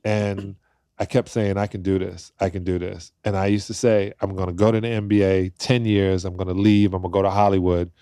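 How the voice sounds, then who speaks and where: Lively storytelling man, low warm voice. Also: brisk, no echo, studio quality. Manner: acts out quoted voices, laughs while telling stories. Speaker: podcast guest. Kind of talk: animated storytelling in conversation.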